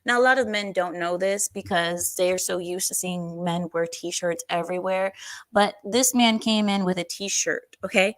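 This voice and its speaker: A woman hosting a livestream, chatting casually and reading out viewer comments in an animated, talkative way. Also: on the low side, a little slow, no echo. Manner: chatty, animated, breaks into silly voices and laughs. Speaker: livestream host.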